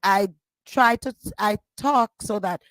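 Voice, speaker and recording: A woman's voice: medium pitch, slow pace, fairly bright tone, dry recording, low-quality recording. Hesitant Jamaican woman panelist. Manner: hesitant, many fillers and restarts, agreeing murmurs. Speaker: radio panelist. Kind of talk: casual panel discussion.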